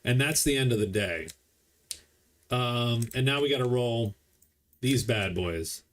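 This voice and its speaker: A man's voice: mid-range voice, lively intonation, unhurried, a little hiss or hum. A man casually commenting as he plays a board game solo, explaining the rules as he goes. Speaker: board game player streaming a solo playthrough.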